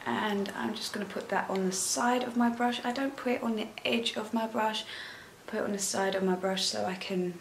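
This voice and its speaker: A woman's voice: medium pitch, fairly even intonation, normal speed, vocal fry, a little hiss or hum. A young woman doing a casual makeup tutorial, chatting in a rambling way and gushing over the products. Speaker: beauty vlogger. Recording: echoey room.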